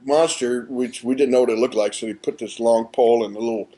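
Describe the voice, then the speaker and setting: A man, an actor guest, telling set stories with animated delivery and acting out quotes, recorded at a live podcast in a small theatre. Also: mid-range voice, fast talker. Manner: animated, acts out quotes with laughter. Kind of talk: casual anecdotal storytelling.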